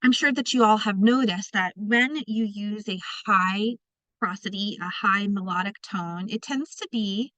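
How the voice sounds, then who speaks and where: A woman with a mid-range, pushed and bright voice presents a teacher training webinar at an unhurried pace, talking conversationally and addressing participants directly. The audio is poor but has no echo.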